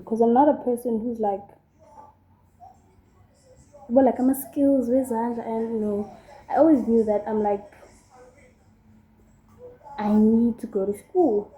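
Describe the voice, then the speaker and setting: A young South African woman talks slowly and casually while doing her makeup, rambling through her story with plenty of fillers. Her voice sits a little high but sounds dark and mellow. The room around her gives it a clear echo. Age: young adult. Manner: chatty and rambling, with many fillers. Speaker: vlogger. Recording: echoey room.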